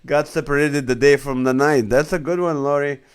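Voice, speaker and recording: A man's voice: fairly high pitch, steady tone, normal speed, clean tone. A man in his forties, a comedian hosting a casual live stream, reading viewer comments aloud and laughing along with their jokes. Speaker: comedian and show host.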